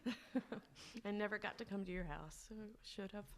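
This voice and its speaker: Gravelly-voiced woman giving a tender eulogy. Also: medium pitch. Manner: tender, halting, reminiscing. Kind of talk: eulogy at a funeral service. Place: funeral home.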